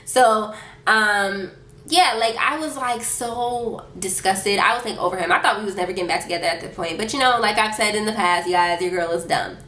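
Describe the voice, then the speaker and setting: A woman's voice: medium pitch, normal speed, bright, forceful tone. A young woman vlogger telling a storytime in a casual, blunt, slangy way, acting out the quotes. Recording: echoey room with faint background noise.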